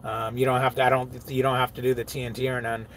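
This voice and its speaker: A man's voice: mid-range voice, level tone, fast talker. A middle-aged man, a truck driver, chatting casually on a live stream, reading viewer comments aloud, laughing often and riffing on them.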